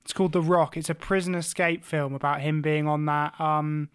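A man's voice: a little high, steady tone, moderate pace, fairly bright tone, smooth. A man hosting a film quiz on a casual podcast, chatty and laughing easily as he gives hints.

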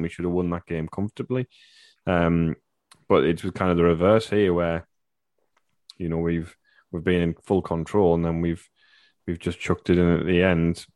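A man's voice: sits low, darkish tone, no echo, studio quality. A man co-hosting a football podcast, talking in a rambling, conversational way. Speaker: podcast host. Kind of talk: casual podcast chat.

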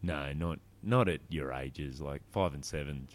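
A man, a comedian chatting and telling a relaxed anecdote. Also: very deep voice, a little slow, no room sound. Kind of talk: casual chat.

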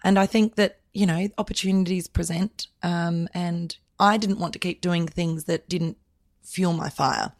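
A woman guest talking about her styling work in a relaxed, playful casual chat. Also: lowish voice, unhurried, no echo, clean studio sound.

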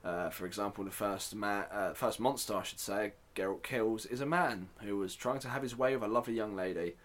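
Chatty man, low voice. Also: a little fast, fairly bright tone. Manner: chatty, self-deprecating, joking asides. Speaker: podcast host. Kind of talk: casual solo podcast talk.

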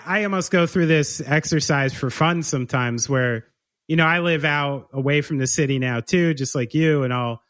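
A podcast host with a fairly high male voice, relaxed and easygoing. He keeps the chat flowing with quick agreeing interjections. The sound is dry and close-miked. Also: no echo. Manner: easygoing, agreeable, lots of "right, yeah".

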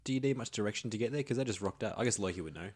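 A man's voice: fairly low pitch, lively intonation, darkish tone. A man on a podcast asking curious questions in casual chat. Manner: quick, asks curious questions. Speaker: podcast co-host.

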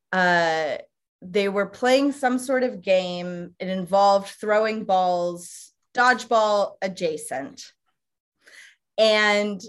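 A woman hosting a podcast speaks slowly, in an unhurried casual chat. She tells stories with frequent laughs, at a middle pitch for a woman. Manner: warm storyteller, unhurried, laughs often. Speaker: podcast host.

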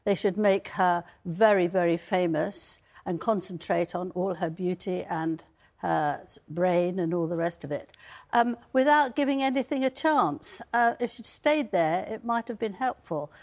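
A woman's voice: lowish voice, unhurried, darkish tone. A woman commenting on a TV debate, firm and opinionated, with some hesitations. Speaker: royal commentator and biographer.

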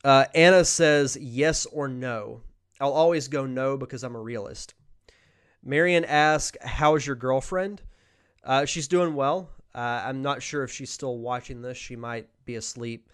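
Smooth-voiced male podcast host. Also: mid-range voice, measured pace. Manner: relaxed, reads out viewer questions and answers off the cuff. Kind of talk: casual live Q&A chat.

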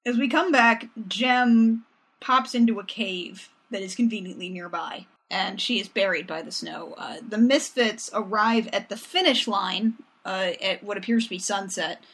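A woman co-hosting a podcast, recapping a cartoon episode with animated, sarcastic commentary. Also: medium pitch, normal speed, slightly rough. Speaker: podcast co-host. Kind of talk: casual recap chat.

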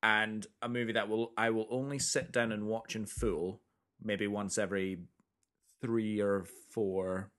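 A man co-hosting a podcast in casual chat, animated and playful, sometimes singing a line as a joke. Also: lowish voice, unhurried. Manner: animated, playful, sings lines in a jokey tone. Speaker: podcast co-host.

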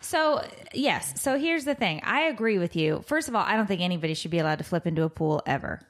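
A woman in her thirties co-hosting a casual chat show, telling a story about her kids with lively energy and raising her voice when she acts out what she said. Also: on the low side, fast talker. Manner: animated, loud when quoting herself. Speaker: podcast co-host, mother.

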